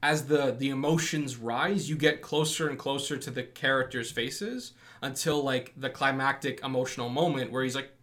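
Young male podcast co-host, animated storyteller, mid pitch, casual. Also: normal speed, hardly any pauses. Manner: animated storyteller, acts out quotes, laughs often. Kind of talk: casual chat.

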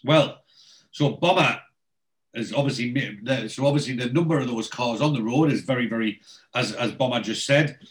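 A man's voice: medium pitch, moderate pace, low-quality recording. A man hosting a casual chat, retelling TV scenes and quoting the characters' lines in a storytelling way. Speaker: podcast host.

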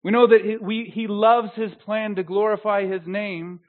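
A pastor preaches, shifting between quiet, intimate phrases and loud, drawn-out declarations. His voice sits fairly high for a man. The recording is narrow and tinny, like a phone line. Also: little pitch movement. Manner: swells to loud emphatic proclamation, drops to soft intimacy. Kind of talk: sermon.

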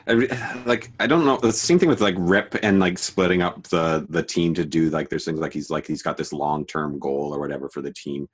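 A man co-hosting a podcast in casual chat, relaxed and agreeable, with many "like"s and "kinda"s. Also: rumbling low, a little fast, few pauses, breathy edge. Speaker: podcast co-host.

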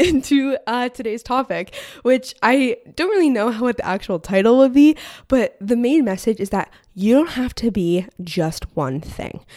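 A woman's voice: fairly high pitch, a little mellow. A young woman talks through a casual solo podcast episode with a bubbly, rambling energy, her speech full of filler words. Her voice is close and dry on a podcast microphone, with no room echo behind it. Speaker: podcast host. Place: home room. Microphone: podcast mic on stand.

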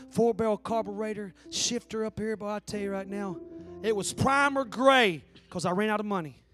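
A man's voice: high voice, fairly bright tone. A man, preaching a sermon in a folksy, joking storytelling way. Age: 40s. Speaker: pastor. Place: church.

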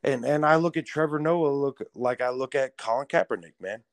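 A man's voice: mid-range voice, a little fast, no echo. A man co-hosting a podcast, ranting bluntly and profanely in casual chat. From United States. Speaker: podcast co-host.

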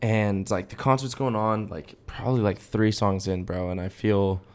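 A man's voice: fairly low pitch, steady tone, moderate pace, smooth. A young man co-hosting a casual podcast, telling a long rambling story full of filler words. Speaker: podcast co-host. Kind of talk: casual chat.

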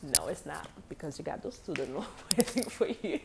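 Young woman, low-pitched voice, casual animated storytelling, slangy, faint background hiss. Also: normal speed, vocal fry. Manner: animated, acts out quoted dialogue, slangy.

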